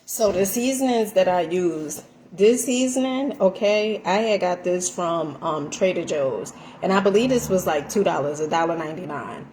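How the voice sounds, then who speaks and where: A woman chatting through a casual home cooking vlog, animated and full of fillers, calling her viewers honey. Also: on the low side, normal speed, few pauses, a little hiss or hum. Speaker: vlogger. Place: home kitchen.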